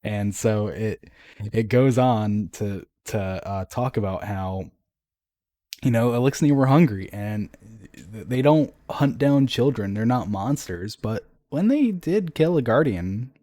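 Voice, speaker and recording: A man co-hosting a podcast, talking casually and haltingly. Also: fairly low pitch, lively intonation, warm tone. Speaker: podcast co-host. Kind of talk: casual chat.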